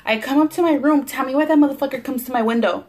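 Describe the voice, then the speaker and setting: A woman's voice: sits high, quick pace, darkish tone. A young woman with a Los Angeles Chicano English accent, telling a story in casual, profane chat as she eats on camera at home. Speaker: mukbang vlogger. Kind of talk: casual storytelling while eating. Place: home, near a window at sunset.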